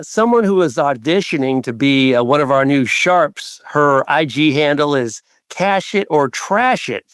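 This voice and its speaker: A man co-hosting a sports betting podcast, briskly reading through trends and numbers with the odd filler. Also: a little high, a bit bright, smooth, no room sound. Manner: brisk, numbers-heavy delivery with filler uhs. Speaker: podcast co-host.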